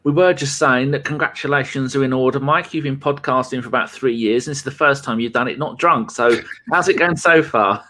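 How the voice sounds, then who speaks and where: A man's voice: medium pitch, a little fast, few pauses, bright, forceful tone, a little hiss or hum. Rambling, joking male podcast host. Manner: banter-heavy, rambling. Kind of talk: casual chat.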